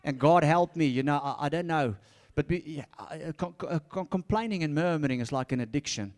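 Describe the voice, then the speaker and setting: A high-pitched man delivers a lively sermon. He repeats his key phrases and rises from soft asides to shouted calls. He laughs often and trips over his words when fired up. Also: brisk. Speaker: pastor.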